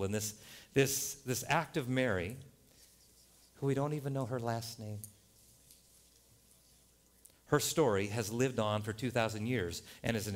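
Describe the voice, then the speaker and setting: A male pastor preaching a sermon in a church, animated and joking, jumping to loud punchlines. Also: lowish voice. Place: church sanctuary.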